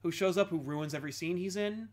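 High-voiced man ranting on a podcast. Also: crowd noise. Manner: animated, ranting, quick mock voices. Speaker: podcast co-host. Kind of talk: casual chat.

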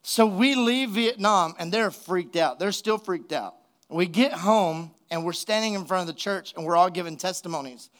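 High-voiced man preaching. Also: normal speed. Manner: animated storytelling, laughs at his own jokes. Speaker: pastor. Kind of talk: sermon with a humorous personal story.

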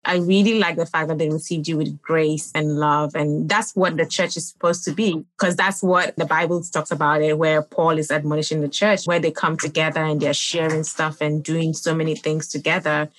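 A woman's voice: deep voice, little pitch movement, moderate pace, hardly any pauses, dry recording. A woman hosting a podcast, speaking earnestly and reflectively in a casual conversation. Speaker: podcast host.

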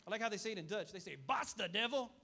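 A man preaching a sermon with a high voice that rattles along at a fast clip. He hammers his points home through repetition and throws quick asides out to the congregation. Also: creaky, bright, forceful tone. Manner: fiery, repetitive preaching with call-and-response asides. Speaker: pastor.

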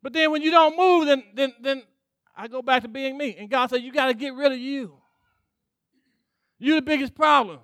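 Man, pastor, preaching, forceful tone, direct call-outs. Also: very high-pitched, moderate pace, pauses often, dry recording, studio quality. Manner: preaching with call-outs, acting out God's voice, laughing. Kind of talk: sermon.

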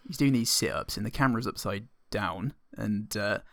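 A man co-hosting a casual film-review podcast, rambling and making deadpan jokes. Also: lowish voice, normal speed, gravelly, no echo, studio quality. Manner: jokey, rambling, deadpan quips.

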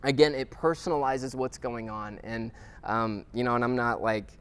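A man of middling pitch teaching a Bible study class. His talk is loose and conversational, full of fillers and restarts. He stops now and then to check in with his listeners. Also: steady tone, normal speed, clear, resonant tone.

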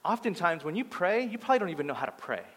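High-voiced pastor preaching in a hall. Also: male voice, very fast. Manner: animated storytelling, swinging from loud to hushed. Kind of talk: sermon. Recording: long hall reverb.

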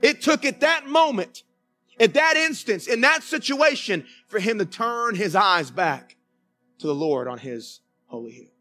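A man's voice: high voice, lively intonation, unhurried, pushed and bright, soft background music. A man with a Southern US accent preaching a sermon to his church, telling folksy stories and calling out to the congregation for an amen. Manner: folksy storytelling with asides to the congregation. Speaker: pastor. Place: church sanctuary.

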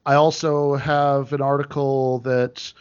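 A man's voice: mid-range voice, level tone, slow pace, darkish tone, clean tone. A man talking as a podcast guest in casual chat, hesitant, with many fillers and restarts. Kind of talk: casual chat over a call. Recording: dull lo-fi sound.

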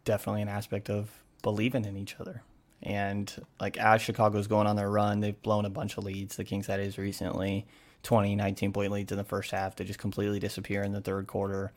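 A man's voice: on the low side, completely flat delivery, fast. Man rambling with lots of "like". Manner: loose, full of "like" and "you know". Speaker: sports reporter co-host. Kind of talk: casual podcast chat.

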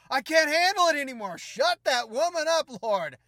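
A man acting a rough, fed-up friend who bursts out shouting a prayer. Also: extremely high pitch, no room sound, studio quality, pitched above the performer's own voice, full character voice.

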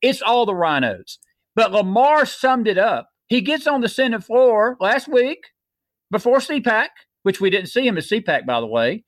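A man's voice: high voice, very animated, moderate pace, no echo. A man co-hosting a heated political talk show, fiery and preachy as he rallies listeners. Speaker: co-host.

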